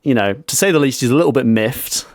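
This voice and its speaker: A man's voice: medium pitch, fast talker, no room sound, studio quality. A man co-hosting a casual podcast over a video call, recounting a story and laughing often. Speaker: podcast co-host. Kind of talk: casual chat.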